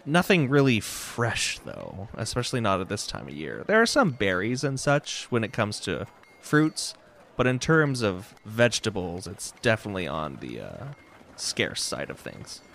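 A man narrating as game master of a tabletop game, relaxed and loose with fillers. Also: fairly low pitch, normal speed, vocal fry, slight background noise.

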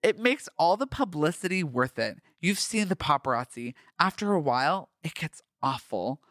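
A man reading the lines of a young male actor from his own fan fiction, gently exasperated. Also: on the high side, lively intonation, moderate pace, dry recording, clean studio sound.

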